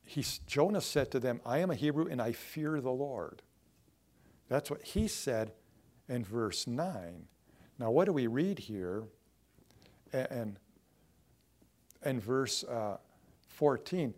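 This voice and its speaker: A man's voice: mid-range voice, animated, measured pace, long pauses, darkish tone. A male pastor preaching a sermon in a conversational way, asking the congregation rhetorical questions as he goes.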